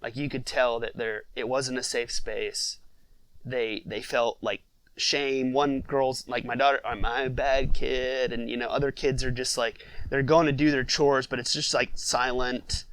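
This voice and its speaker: A man, a father of six, telling a family story in a relaxed podcast interview, with lots of fillers. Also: medium pitch, unhurried, clean tone, rough recording. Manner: conversational, many fillers, reflective storytelling.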